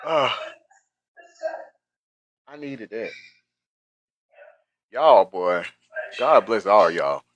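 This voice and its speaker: Animated bright-voiced man hosting. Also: fairly low pitch, drawn-out words, pauses often, no room sound, muffled recording. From Atlanta, USA. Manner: joking, laughs often, talks to chat directly. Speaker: livestream reaction host. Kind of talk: casual reaction commentary reading chat.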